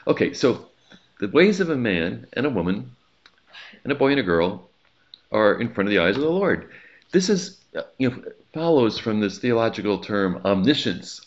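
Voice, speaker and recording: A man with a very low voice gives a sermon in a loose, chatty way, breaking off for asides. The recording sounds slightly muffled and lo-fi. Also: big pitch swings, moderate pace. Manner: conversational preaching with asides and jokes. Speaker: pastor.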